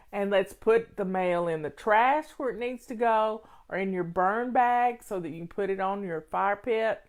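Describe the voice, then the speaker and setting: An older woman from Tennessee with a Southern accent, a home organizing host chatting casually and telling stories in a folksy way. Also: mid-range voice. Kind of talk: casual chat.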